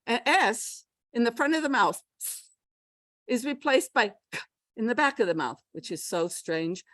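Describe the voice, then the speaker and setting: An American woman giving a pronunciation workshop, teaching in a lively way and checking in with her listeners as she goes. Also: fairly high pitch, measured pace, no room sound. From United States. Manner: lively teacher, checks in with okay and all right. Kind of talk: lecturing to a class.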